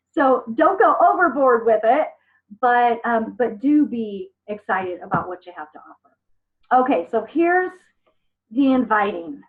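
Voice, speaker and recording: A woman's voice: on the high side, expressive, takes it slowly. Chatty woman teaching over a video call. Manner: chatty, upbeat, addresses students by name. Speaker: business trainer. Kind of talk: online class teaching. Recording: phone-like video call audio.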